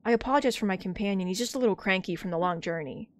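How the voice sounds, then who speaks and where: A woman's voice: medium pitch, rapid-fire, lightly acted. A woman doing a polite eager young mouse adventurer, earnest.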